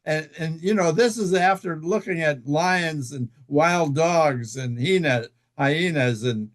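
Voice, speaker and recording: A man telling a long personal story as an interview guest, halting, with many fillers and restarts. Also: a little high. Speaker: guest author.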